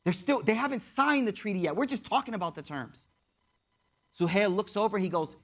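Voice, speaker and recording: A man teaching as he tells a story in a lecture, animated and speaking straight to his audience, acting out the voices. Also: sits high, fairly quick. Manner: animated, addresses audience directly, acts out voices. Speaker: Islamic teacher.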